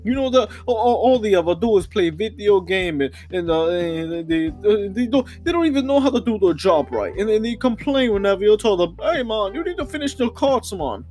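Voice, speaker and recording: A high, lively voice of a worked-up store supervisor, as a man puts him on for a comedy podcast skit. He stammers, repeats his words and ends every other phrase with "man", with pitch jumping all over. Faint music sits underneath. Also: brisk, hardly any pauses. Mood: exasperated. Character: excitable stuttering male store supervisor.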